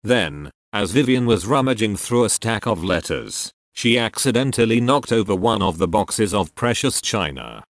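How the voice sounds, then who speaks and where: A man narrating a comic short story aloud in a steady, deadpan reading. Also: lowish voice, normal speed, gravelly, hardly any pauses, dry recording, studio quality.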